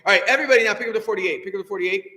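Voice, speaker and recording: A high-pitched man leads a choir rehearsal in a roomy hall with a long, ringing reverb. He gives brisk notes, counts the singers in and sings short syllables to show the phrasing, while music plays between his instructions. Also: sharp tone. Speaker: choir director.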